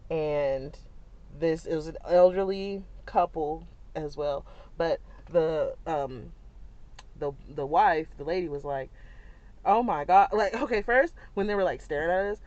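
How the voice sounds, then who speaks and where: A young woman, a mother, telling a family story in a chatty, animated way, with many fillers and frequent laughs. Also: sits low, measured pace, no room sound. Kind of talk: casual storytelling vlog. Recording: dull lo-fi sound.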